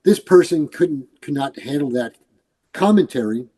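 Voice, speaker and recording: A husky, fairly high-pitched voice at normal speed belongs to this retired New York police commander, who tells stories animatedly in a casual interview. He imitates the voices of those he quotes, and the recording sounds rough.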